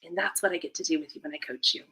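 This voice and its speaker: A woman life coach speaking as a podcast guest, delivering an energetic, emphatic motivational pitch. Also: very fast, vocal fry, low-quality recording. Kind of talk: live podcast interview.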